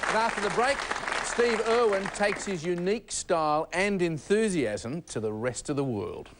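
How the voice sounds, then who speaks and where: A man's voice: sits high, lively intonation, normal speed, over a noisy crowd. A man hosting a TV tribute show, reading formal narration and interviewing guests. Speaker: TV host. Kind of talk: scripted tribute presenting and interviewing. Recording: TV studio with live audience and music.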